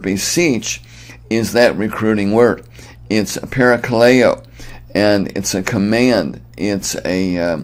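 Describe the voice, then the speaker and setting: A middle-aged man with a very low voice delivers an earnest sermon. He presses his points with emphasis and often restarts phrases mid-thought. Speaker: preacher.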